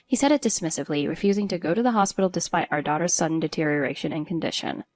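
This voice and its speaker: A woman's voice: deep voice, racing, a little mellow, no room sound. Earnest woman narrating a first-person story.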